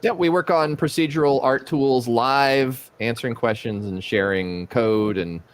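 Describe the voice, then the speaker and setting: A man's voice: medium pitch, unhurried. A man co-hosting a casual livestream, making wry, joking asides. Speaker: livestream co-host.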